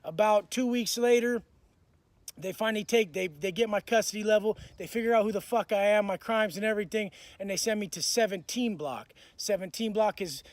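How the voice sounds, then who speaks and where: A man's voice: high voice, brisk, dry recording. Blunt, profane man telling prison stories. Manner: blunt, profane, tough-talking. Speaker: motivational speaker. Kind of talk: profane storytelling monologue.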